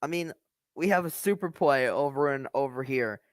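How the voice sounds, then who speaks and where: A man's voice: mid-range voice, normal speed, dry recording. A man hosting a reaction video, rambling casually and hesitantly about the clip.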